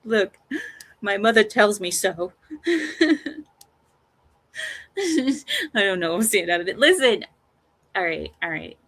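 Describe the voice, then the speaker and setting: Teasing, animated woman streamer. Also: medium pitch, slow pace, long pauses. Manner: animated, teasing, laughs often. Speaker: livestream host. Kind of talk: casual live-stream chat.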